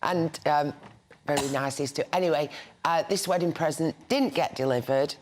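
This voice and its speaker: An older woman with a Northern English accent is a guest on a newspaper review, chatting casually in the studio and telling anecdotes. Her voice is low-pitched at a moderate pace, with slight background noise.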